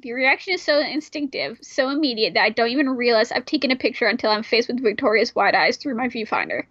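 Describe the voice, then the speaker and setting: Woman, high voice, joking, swears, let's play reading, dull dry mic. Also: fast talker, dry recording. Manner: animated, joking, swears often. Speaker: gamer reading a visual novel aloud. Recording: dry, slightly muffled mic.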